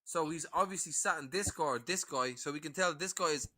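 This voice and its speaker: A man's voice: a little high, a little fast, pushed and bright. A man talking in a casual livestream chat as a panel guest, combative, sweary and mocking.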